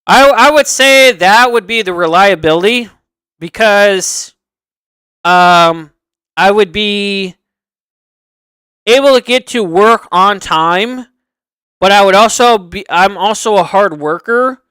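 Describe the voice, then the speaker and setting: A man's voice: high voice, slow, long pauses, bright, forceful tone, clear, resonant tone, no echo. A man hosting a livestream, chatting casually and earnestly, rambling and circling back to repeat his points. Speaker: livestream host. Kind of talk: casual unscripted chat.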